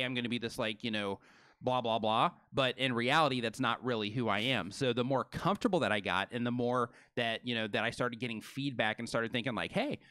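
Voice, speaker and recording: A man co-hosting a live stream, talking fast and energetically with many fillers like "you know" and "right". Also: medium pitch, sharp tone, no room sound. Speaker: co-host.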